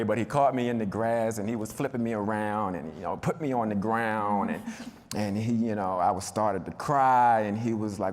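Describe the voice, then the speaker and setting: A man on a panel telling a personal story, talking in a relaxed, conversational way with a lot of fillers. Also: lowish voice, normal speed. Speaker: panel speaker. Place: event hall. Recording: reverberant hall.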